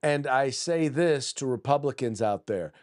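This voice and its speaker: A man's voice: medium pitch, lively intonation, unhurried, darkish tone. Guy ranting on a political podcast, blunt and combative, trips over his words, mid-range voice. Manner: combative, repeats words and restarts often; reads news articles aloud. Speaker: podcast host.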